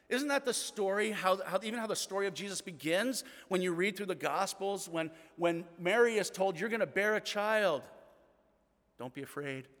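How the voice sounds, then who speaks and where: A middle-aged man preaching a sermon as pastor, telling the story earnestly and often dropping to a hushed tone. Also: sits high, fairly quick, in a large hall.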